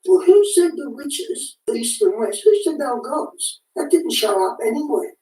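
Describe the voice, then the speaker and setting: An animated woman talks casually, her pitch leaping up and down as she restarts and repeats her words. Her voice is mellow and sits a little high. She sounds far from the mic in an echoey room. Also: moderate pace. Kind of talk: casual spoken commentary.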